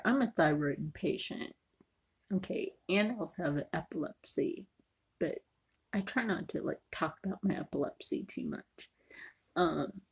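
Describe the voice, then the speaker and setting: Gravelly, husky-voiced woman vlogging slowly. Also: fairly low pitch, a little mellow. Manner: chatty, jokey, sometimes drops to a near whisper. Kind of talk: casual cooking vlog chat.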